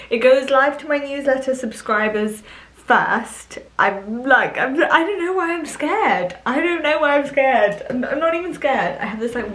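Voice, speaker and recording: A young woman vlogging at home in a chatty, giggly, excitable way. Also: on the high side, low-quality recording. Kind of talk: casual vlog chat. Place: at home indoors.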